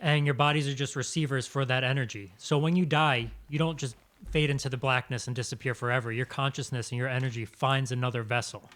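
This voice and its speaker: A man's voice: mid-range voice, steady tone, fast, few pauses, a bit bright. A man in a casual talk show chat, speaking in an earnest, musing way.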